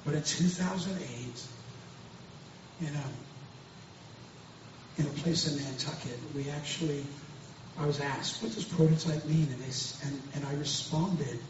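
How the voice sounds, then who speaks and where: A man's voice: a little high, a little slow, pauses often. A man speaking as a pastor, giving an earnest, emphatic personal testimony, often repeating himself and restarting. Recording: very echoey distant room, dull and noisy.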